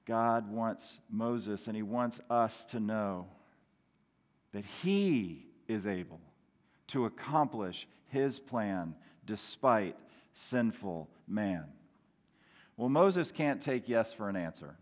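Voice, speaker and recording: A middle-aged man preaching a sermon with earnest delivery, moving between quiet and loud. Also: lowish voice, lively intonation, takes it slowly. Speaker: pastor. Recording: long hall reverb.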